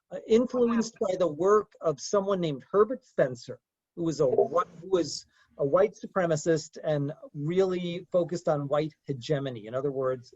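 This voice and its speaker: A man with a notably high voice leads a group discussion, lecturing in a loose, conversational way. He hesitates often and pads his sentences with fillers. The recording is dry and dull, with a lo-fi edge. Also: darkish tone, dry recording. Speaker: discussion leader.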